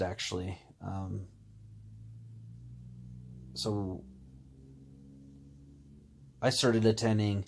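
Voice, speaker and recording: A man telling a personal story in a candid, rambling way, pausing with "um" and "you know". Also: on the low side. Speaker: vlogger.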